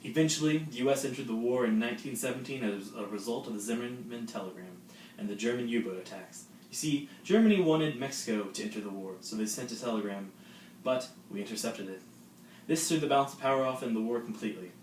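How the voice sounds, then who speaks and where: A man's voice: medium pitch, fast, darkish tone. A teenage boy narrating a school history project with dry, joking asides. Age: late teens. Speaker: student presenter. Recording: roomy, distant mic, faint noise.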